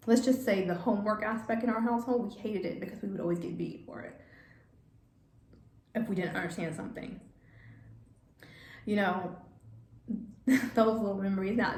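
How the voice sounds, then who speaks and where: A woman telling a personal story for her vlog, halting and hesitant, often restarting her sentences. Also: mid-range voice. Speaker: vlogger. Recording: echoey room, faint background noise.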